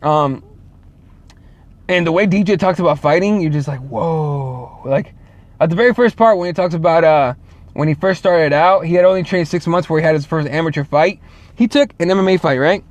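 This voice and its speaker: A man's voice: fairly high pitch, fairly quick, no room sound. A man hosting a casual solo show, rambling and swearing, full of fillers and restarts. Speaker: show host.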